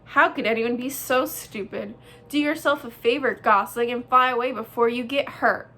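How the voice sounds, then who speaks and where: A woman's voice: fairly high pitch, normal speed, bright, forceful tone. A woman voicing a bossy, sarcastic young female bear in a storybook reading, with a sneering tone.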